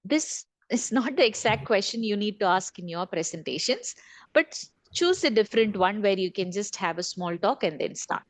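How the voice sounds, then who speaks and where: A woman's voice: mid-range voice, animated, normal speed, no room sound. A woman trainer leading an online session, repeating key points and asking the group questions. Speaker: corporate trainer. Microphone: video call.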